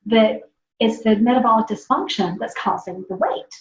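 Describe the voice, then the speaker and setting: A woman from the American South, a podcast guest telling her own story in a lively, enthusiastic way. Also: on the high side, normal speed, roomy sound, muffled recording, a little hiss or hum. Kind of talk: casual podcast chat.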